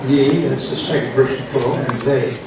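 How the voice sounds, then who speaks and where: An older man, a pastor, slowly and patiently explaining grammar in a classroom lecture. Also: medium pitch, steady tone. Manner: slow, patient explaining with repetition. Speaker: pastor teaching a Greek class. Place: church classroom. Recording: echoey classroom from far off with background noise.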